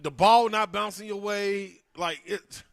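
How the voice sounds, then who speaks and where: A man's voice: high voice, measured pace, vocal fry, a bit bright, clear, resonant tone, no room sound. A man co-hosting sports talk radio, casual and slangy, laughing often. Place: radio studio.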